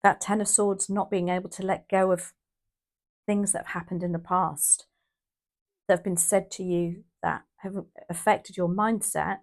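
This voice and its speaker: A woman's voice: on the low side, fairly even intonation, a little slow. A woman from the UK doing a casual, emotional tarot reading, rambling with restarts and exclamations. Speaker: tarot reader.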